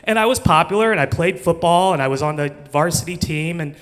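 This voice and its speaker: A man's voice: fairly high pitch, a little fast, fairly bright tone. A man in his forties from Missouri, telling a comic personal story with chatty, self-mocking asides and laughter. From Missouri, USA. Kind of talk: live comedic storytelling. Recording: long hall reverb.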